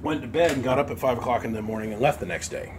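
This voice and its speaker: A man's voice: medium pitch, very fast, noisy background. A man running a repair shop, telling a casual story to camera in an aggrieved, blunt way. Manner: aggrieved, blunt, acts out both sides of phone calls. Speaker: amp repair shop owner.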